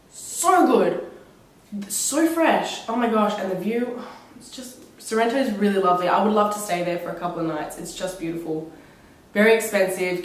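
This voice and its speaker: A young Australian woman with a cold, telling travel stories in an animated, laughing vlog chat. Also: fairly low pitch. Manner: enthusiastic, animated, laughing retellings with put-on quotes. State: has a cold. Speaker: vlogger. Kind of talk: casual chatty storytelling. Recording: very echoey room, mic at a distance.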